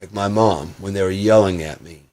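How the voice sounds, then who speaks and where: Brief: man with a lowish voice, ranting vlogger, swearing, loud bursts then mutters. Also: moderate pace. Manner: profane, swings from loud outbursts to muttering. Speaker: video blogger. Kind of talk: ranting personal monologue.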